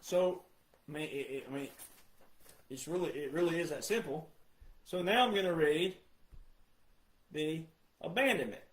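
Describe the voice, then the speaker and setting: A man with a notably high voice delivers an impassioned commentary to his audience. He hammers points through repetition and often climbs into shouting. The sound carries a noticeable room echo. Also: normal speed, pauses often. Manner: emphatic, repetitive, rising to shouts. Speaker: political commentator. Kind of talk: impassioned monologue.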